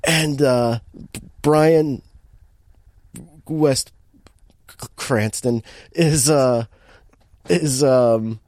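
In this clip a podcast co-host speaks very slowly with a medium pitch, pausing often, and there's no room sound. Laughing a lot and restarting many times, he animatedly recaps a bad movie in casual chat.

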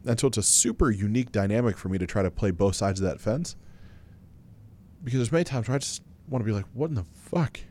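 A man's voice: fairly low pitch, lively intonation, quick pace, warm tone. A man co-hosting a podcast with his wife, talking bluntly and casually, owning his faults and swearing now and then. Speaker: podcast co-host.

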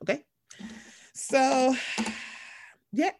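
Animated, sarcastic man talking casually. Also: very high-pitched, drawn-out words, creaky. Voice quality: animated, profane, sarcastic, slips into mocking voices. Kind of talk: casual chat.

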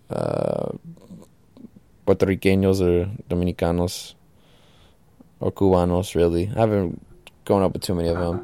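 Alone on his podcast, a man talks casually, relaxed and full of slang and swearing. His low voice is creaky and mellow, recorded with no echo.

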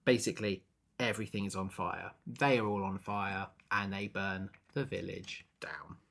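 A man chatting casually as a podcast co-host, recapping a stage musical and acting out characters' lines in quick bursts. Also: low-pitched, gravelly. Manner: animated, acts out characters' lines in brief bursts.

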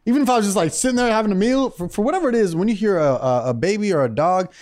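A man's voice: high-pitched, lively intonation, rapid-fire, a little mellow. A man co-hosting a casual chat, teasing and riffing with jokes and questions. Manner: joking, teasing, riffs on bits.

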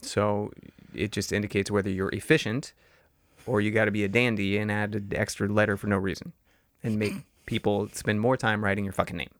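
A man's voice: fairly low pitch, level tone, brisk, fairly bright tone, dry recording, clean studio sound. A man co-hosting a podcast, chatting casually with sarcastic, wry quips. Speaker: podcast co-host. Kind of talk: casual chat.

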